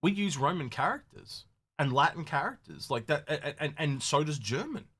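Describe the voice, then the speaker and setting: A man co-hosting a casual podcast, rambling and animated with many restarts. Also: fairly high pitch, normal speed, slightly rough. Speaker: podcast co-host. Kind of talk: casual chat.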